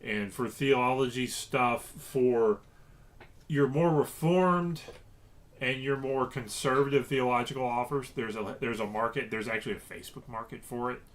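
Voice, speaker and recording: A man's voice: mid-range voice, normal speed. A man from Louisiana chatting casually to camera about reselling, rambling with many fillers and restarts. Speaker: reseller vlogger.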